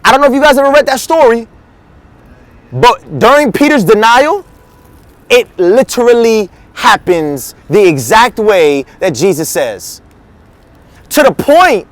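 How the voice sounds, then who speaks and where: A man's voice: very high voice, animated, moderate pace, no room sound. A male teaching pastor giving a casual, slangy sermon, acting out the quotes he tells. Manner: slangy, conversational, acts out quotes.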